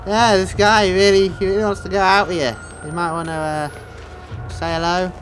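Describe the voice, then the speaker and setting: A man's voice: high voice, little pitch movement, normal speed, rough recording. A young man giving jumpy, joking commentary over a horror game, swearing and yelping when startled. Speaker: gaming video host. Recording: game music loud behind voice.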